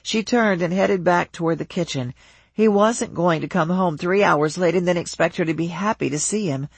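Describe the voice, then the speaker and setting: A measured audiobook narrator carries the story at an even pace. The voice is husky and close, recorded dry. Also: medium pitch, no echo.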